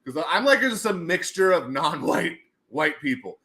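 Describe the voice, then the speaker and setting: Casting: man, livestream host, lively and bright, rambling jokey chatter. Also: on the high side, unhurried. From United States. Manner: rambling, joking, laughs often. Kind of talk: casual livestream chat.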